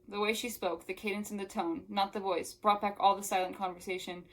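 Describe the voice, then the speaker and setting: A woman's voice: medium pitch, little pitch movement, brisk, few pauses. A young woman who reviews books, reading a novel aloud and breaking off into casual, exasperated asides. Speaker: book reviewer.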